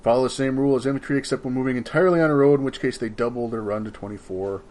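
A man's voice: medium pitch, racing, a little mellow. A man co-hosting a casual tabletop wargame chat, reading unit rules aloud with jokes and swearing. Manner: jokey, swears, stumbles over foreign words. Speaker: podcast co-host.

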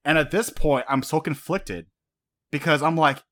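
A man's voice: on the high side, moderate pace. A young man hosting a casual recap chat who swears freely, laughs often, and gets fired up about the story. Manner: animated, profane, laughs often.

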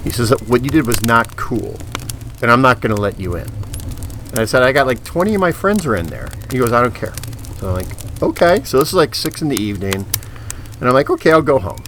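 A man's voice: medium pitch, a little fast, slight background noise. A man telling a casual story and acting out the dialogue. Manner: animated, acts out the dialogue.

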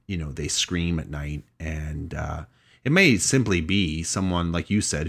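A man's voice: deep voice, a bit bright. A man hosting a podcast, telling a story in casual chat and hedging thoughtfully, with frequent restarts. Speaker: podcast host.

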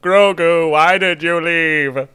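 A man voicing a stiff, computer-faked young hero with a halting delivery. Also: fairly high pitch, steady tone, pushed and bright, smooth. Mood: mournful.

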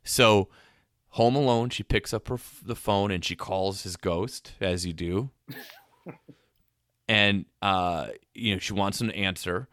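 Podcast guy with a deepish bright voice, laughs a lot, really dry mic. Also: takes it slowly, dry recording. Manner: animated storyteller, laughs often. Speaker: podcast co-host. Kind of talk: casual chat, retelling an episode.

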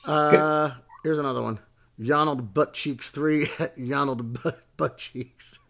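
A man's voice: a little high, fairly even intonation, takes it slowly, gravelly, fairly bright tone. A man co-hosting a sports podcast, casually reading out listener questions and laughing often. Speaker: podcast co-host.

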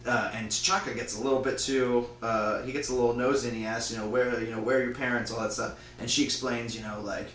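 A man casually retelling an invented movie plot, rambling and slipping into quick voices for the characters. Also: mid-range voice, fairly even intonation, a bit bright, reverberant, far from the mic, a little hiss or hum, poor audio.

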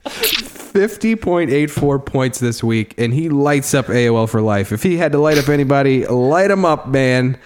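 A man's voice: medium pitch, animated, moderate pace, slight background noise. Rambling man hosting a casual podcast. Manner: loose, rambling, swears freely. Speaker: podcast host.

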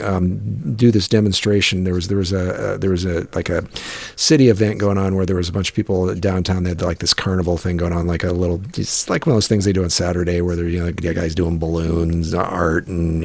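A man's voice: deep voice, creaky, a little mellow, no room sound. A middle-aged man telling a long story in casual chat, rambling and profane, with many restarts and fillers.

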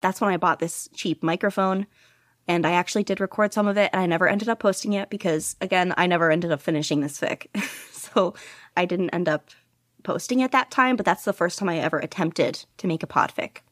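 A woman's voice: fairly low pitch, fairly quick, fairly bright tone, no room sound, studio quality. A young woman being interviewed about her hobby, chatting casually in a rambling, enthusiastic way with lots of fillers. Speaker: guest podficcer.

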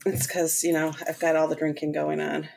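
A woman's voice: sits low, monotone, fairly quick, vocal fry, darkish tone. Giggly, joking woman in casual chat. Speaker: podcast co-host.

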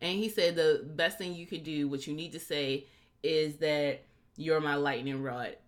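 Woman, podcast co-host, casual TV recap chat, slightly low voice, animated, acts out quotes. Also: unhurried. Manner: animated, acts out quotes with big pitch jumps.

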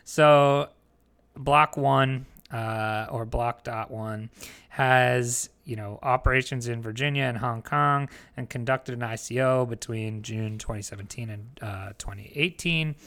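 Bright-voiced man in casual chat. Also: medium pitch, unhurried, gravelly. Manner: relaxed, laughs often, many fillers. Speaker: podcast co-host. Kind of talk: casual chat about crypto news.

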